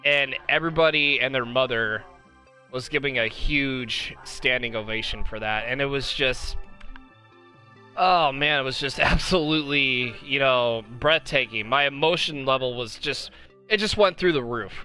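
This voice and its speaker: A young man hosts a casual live-stream podcast in a bright, forceful voice. He rambles with enthusiasm, full of fillers and restarts. Faint music plays softly behind him. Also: mid-range voice, moderate pace. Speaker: podcast host.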